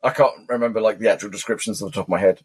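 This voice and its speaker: A man's voice: fairly low pitch, steady tone, racing, slightly rough. A man co-hosting a podcast, chatting casually and joking as he rambles through tangents. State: wired on caffeine. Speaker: podcast co-host. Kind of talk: casual chat.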